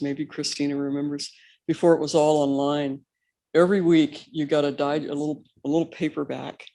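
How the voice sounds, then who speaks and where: A man's voice: fairly high pitch, darkish tone. Man rambling through panel anecdotes. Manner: rambling anecdotal storytelling with fillers. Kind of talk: recounting institute history at a panel.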